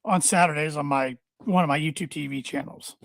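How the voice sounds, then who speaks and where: A man's voice: on the high side, steady tone, vocal fry, fairly bright tone, no echo. Man chatting on a wrestling podcast, dry mic. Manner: halting, repeats words often. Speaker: podcast co-host. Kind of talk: casual wrestling podcast chat.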